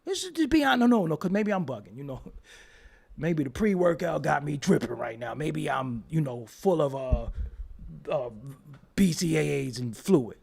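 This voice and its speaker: In a heated livestream rant, a middle-aged Brooklyn, New York man replies to his chat with a fairly high, slightly mellow, husky voice with vocal fry at a normal speed. He mocks, swears and confronts, laughing in between his jabs.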